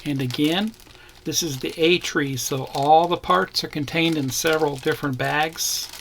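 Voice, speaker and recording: A man with a gravelly, creaky voice talks through a model kit review in a casual, unhurried way. He points out each part as he goes and names what is on each tree. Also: on the high side, fairly even intonation, fairly bright tone, slight background noise. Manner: plain, unhurried, points out parts as he shows them. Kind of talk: casual unboxing narration.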